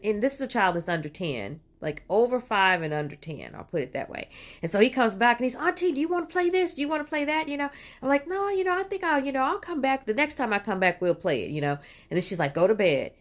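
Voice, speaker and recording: A middle-aged woman telling a personal story in a casual, digressive way, with lots of "you know" and "right?", and putting on voices when she quotes people. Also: mid-range voice. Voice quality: animated, puts on voices when quoting people. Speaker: vlogger.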